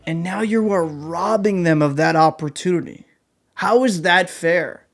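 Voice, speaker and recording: A man's voice: high-pitched, a little slow, gravelly. A young man hosting an opinion vlog, talking in a blunt, heated and combative way. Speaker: vlog host. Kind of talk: opinion commentary rant.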